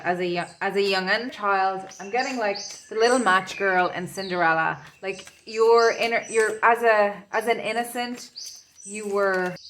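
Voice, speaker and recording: A woman's voice: lowish voice, fairly bright tone, a little hiss or hum. A woman doing an intuitive tarot reading, rambling and searching for her words as she talks. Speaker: tarot reader.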